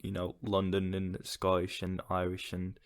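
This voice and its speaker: A Finnish-accented man co-hosts a relaxed podcast chat, his voice on the low side. He delivers his jokes deadpan, between easygoing remarks. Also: moderate pace. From Finland. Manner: deadpan joking. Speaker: podcast co-host. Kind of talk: casual chat.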